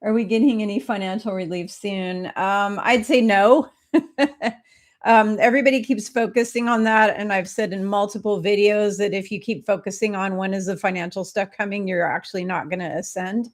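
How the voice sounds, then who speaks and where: A woman from Minnesota hosting a spiritual live-stream Q&A, chatty and casual, with drawn-out greetings and frequent ums as she reads out viewers' names. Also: mid-range voice, steady tone.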